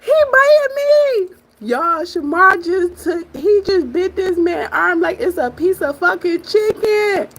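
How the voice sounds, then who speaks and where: A woman's voice: very high-pitched, measured pace, hardly any pauses, noisy background. A woman hosting a reaction video, talking straight to viewers in casual slangy chat. She laughs often and curses freely. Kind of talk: casual commentary on a viral clip.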